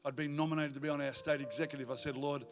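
A male pastor, preaching a sermon in a church in a joking, energetic way. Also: a little high, very fast. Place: church auditorium.

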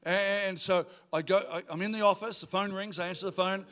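A male pastor, preaching a sermon in a church in a joking, energetic way. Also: high-pitched, fairly quick. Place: church auditorium.

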